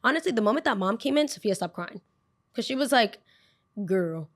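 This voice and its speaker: Young woman telling an animated story. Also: fairly high pitch, fast talker, dry recording, clean studio sound. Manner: animated, repeats phrases for emphasis. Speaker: podcast host. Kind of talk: casual storytelling.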